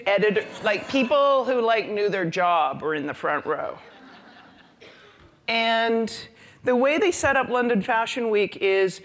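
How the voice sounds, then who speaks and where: A woman speaking to a conference audience. She tells her stories with humor and energy, building up to each point. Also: on the high side. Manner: storytelling, lively and humorous. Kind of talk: conference talk.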